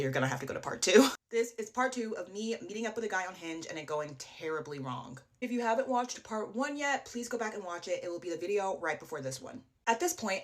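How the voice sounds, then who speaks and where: A young woman telling a dating horror story to her phone in a casual, animated way, acting out what people said and swearing freely. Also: fairly low pitch. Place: indoors, TikTok video.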